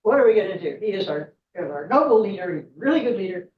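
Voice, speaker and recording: A woman's voice: medium pitch, big pitch swings, fast, a little hiss or hum, natural voice. Woman playing freaked out villagers begging for help, echoey hall sound. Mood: frantic. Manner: frantic, pleading. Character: panicked villagers over their fallen chief. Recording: echoey room, distant mic, dull sound.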